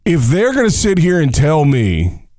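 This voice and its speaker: A man co-hosting a casual tennis talk show, who is also a coach, animated and jokey, firing off emphatic rhetorical questions. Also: a little high, unhurried, no echo, studio quality. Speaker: tennis podcast co-host. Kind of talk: casual sports chat.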